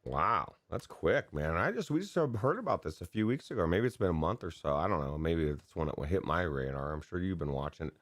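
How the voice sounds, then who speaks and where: A man with a very low voice co-hosts a gaming podcast, rambling loosely and excitably, often restarting his sentences. He is recorded dry and close to the mic. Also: fairly quick, few pauses, dry recording. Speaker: podcast co-host. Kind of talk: casual chat about gaming news.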